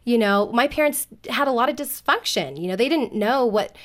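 Earnest woman, slightly high voice. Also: animated, moderate pace. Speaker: guest. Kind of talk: personal testimony in casual talk.

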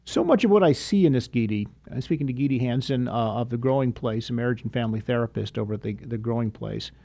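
A man's voice: medium pitch, creaky, warm tone. A man hosting a talk show, chatting casually and restarting his sentences often. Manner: halting, restarts often, affirming. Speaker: radio talk show host. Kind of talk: casual interview chat.

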